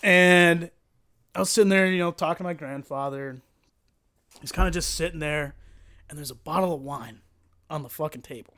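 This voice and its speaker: A man guest on a podcast, telling a long story in a casual, animated way, swearing and laughing often. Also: on the high side, moderate pace, pauses often.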